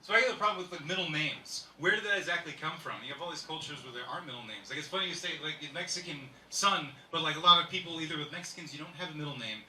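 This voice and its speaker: A man's voice: a little high, racing, few pauses, pushed and bright, a little hiss or hum. A man in his thirties doing a rambling, observational stand-up set at a live comedy venue, full of "like". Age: 30s. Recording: echoey room, mic from far off.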